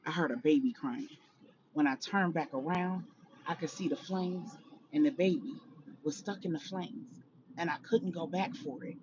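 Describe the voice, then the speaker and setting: A worried woman who has been hiding for months, as a storyteller puts her on, talking in a hushed, shaken way. Her lines sit a little lower and softer than the narration. The recording is slightly muffled, with a faint hum of room ambience behind it. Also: close to an everyday voice. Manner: quiet, shaken, tearful. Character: distressed woman, a mother in hiding.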